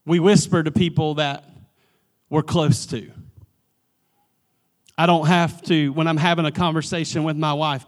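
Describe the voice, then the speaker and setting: A man preaching a church sermon, swinging from emphatic pleading to hushed, near-whispered lines and often repeating the first word of a phrase. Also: on the high side, level tone, a little slow, long pauses. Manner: repeats words at starts of phrases. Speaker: pastor.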